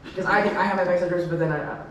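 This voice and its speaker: Young man, high voice, rambling self-interrupting answers, echoey convention hall, heard from afar. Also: fairly even intonation, very fast, a bit bright, distant mic, slight background noise. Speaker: celebrity panel guest.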